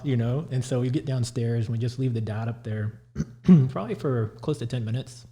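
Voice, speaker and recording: A man's voice: mid-range voice, a little fast. A man who runs a paranormal show, telling a story casually on a podcast and acting out the quotes. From Houston area, USA. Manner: animated, retells quotes. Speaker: guest, paranormal investigator.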